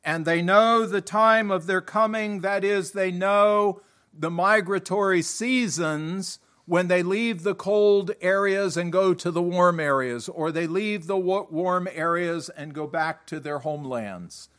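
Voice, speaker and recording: A male preacher delivering a sermon with a fairly high voice. He talks slowly and deliberately, leaning on each phrase as he reads scripture and reasons with his hearers. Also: fairly bright tone. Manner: slow, deliberate delivery, reading scripture with emphasis.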